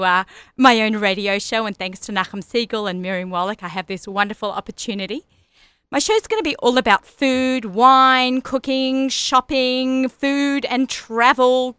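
A woman in her forties from Australia, her accent softened by years in America, hosting a radio show with chatty enthusiasm. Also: a little high, clear, resonant tone, no room sound. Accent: Australian, softened by long US residence. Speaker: radio show host and personal chef. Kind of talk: solo radio show introduction.

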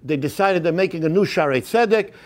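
A high-voiced middle-aged man delivers a sermon as a rabbi. He moves from hushed, whispered storytelling to fervent, rising exhortation. His speech is peppered with Yiddish and Hebrew phrases. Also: a little fast. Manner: impassioned, shifting between hushed whispers and rising fervor. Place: synagogue.

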